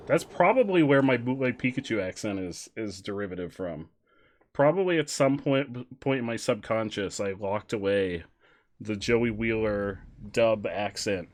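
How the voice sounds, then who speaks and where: A young adult man streaming a game, chatting casually with sudden excited outbursts. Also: mid-range voice, normal speed, slight background noise. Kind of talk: casual gameplay commentary.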